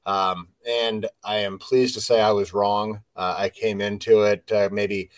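A man co-hosting a podcast, speaking in a measured way with frequent restarts and fillers. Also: lowish voice, flat delivery, low-quality recording. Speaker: podcast co-host. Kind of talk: casual podcast chat.

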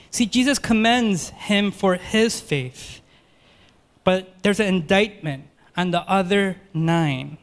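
A man preaching a sermon, earnest and rhetorical, moving between quick runs and slow, emphatic phrases. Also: sits high.

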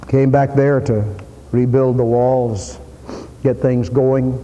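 Emphatic preacher in a reverberant hall. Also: male voice, medium pitch, flat delivery, slow, muffled recording. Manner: emphatic, repeating lines and rising to shouted peaks. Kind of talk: sermon.

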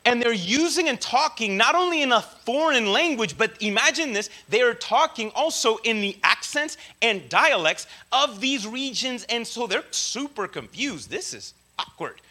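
A man's voice: very high voice, lively intonation, moderate pace, hardly any pauses, pushed and bright. A man preaching a casual teaching sermon, talking in a slangy, conversational way with many asides and check-ins to the audience. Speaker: preacher teaching a Bible study.

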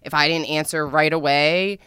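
A young woman telling a dramatic, profane story in a casual vlog, with sudden loud outbursts. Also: deep voice, fairly even intonation, normal speed, clear, resonant tone, dry recording, clean studio sound. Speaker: vlogger.

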